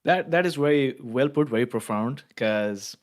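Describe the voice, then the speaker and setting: A man's voice: medium pitch, animated, moderate pace. A man hosting a podcast interview, listening attentively and asking reflective questions. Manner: attentive, frequent short affirmations. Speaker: podcast host.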